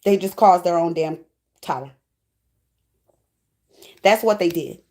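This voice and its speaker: A woman's voice: fairly low pitch, takes it slowly, darkish tone. Emotional woman tarot reader. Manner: emotional, preachy, affectionate, near tears. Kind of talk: spiritual tarot reading.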